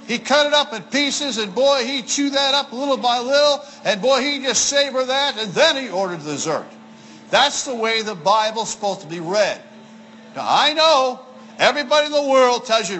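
A man preaching a sermon as pastor, emphatic, repeating key lines and slowing down to stress words. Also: extremely high pitch, lively intonation, pushed and bright, low-quality recording. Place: church.

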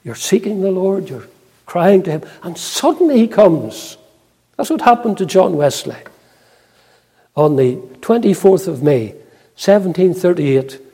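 An older man preaching a sermon in a church, earnest and unhurried, with frequent hesitant pauses. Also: high-pitched, dark tone, slightly rough. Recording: long reverb in a large hall.

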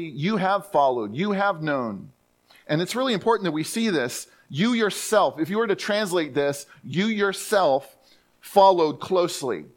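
A male pastor preaching to his church with a somewhat raised pitch. He speaks emphatically, restarts and repeats phrases, and slows down when reading scripture aloud. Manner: reads scripture aloud slowly. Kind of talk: sermon.

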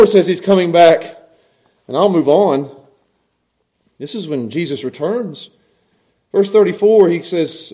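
A man preaching a sermon as pastor, animated, swinging from hushed lines to loud ones and chuckling between points. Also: sits high.

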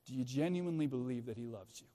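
A man's voice: medium pitch, fast, mellow. A middle-aged man preaching a sermon in a church, earnest and urgent, pressing his listeners with pointed questions. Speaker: pastor. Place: church sanctuary. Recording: long hall reverb.

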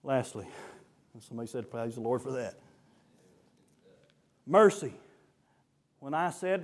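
A man preaching a sermon, building to fervent shouts and then dropping low again. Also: expressive, measured pace, pauses often.

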